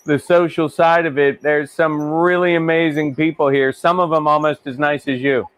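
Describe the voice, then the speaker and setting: A man from western Pennsylvania hosts a relaxed live-stream chat, his voice pitched a little high for a man. The sound is close and dry, and he talks freely, laughing often. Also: normal speed, no echo. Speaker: host.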